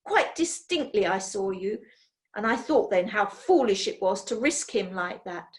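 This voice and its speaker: A woman's voice: medium pitch, animated, a little slow, close to an everyday voice. A woman reading a storybook aloud, voicing a scheming, pompous middle-aged male furrier who blusters indignantly.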